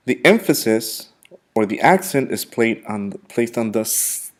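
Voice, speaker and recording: A male English teacher giving a vocabulary lesson, who repeats words and pronounces them slowly and with emphasis. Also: mid-range voice, animated.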